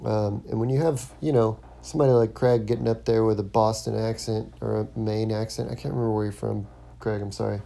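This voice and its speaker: Guy doing a comedy podcast alone, low-key gravelly voice, kinda dark and mellow, rambles w lots of ums. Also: fairly even intonation, brisk. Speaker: podcast host, stand-up comic. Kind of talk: casual solo monologue.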